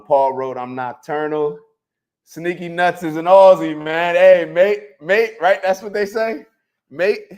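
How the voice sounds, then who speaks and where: A man hosting a casual livestream, lively and full of shout-outs to viewers, talking into a handheld mic. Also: medium pitch. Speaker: host.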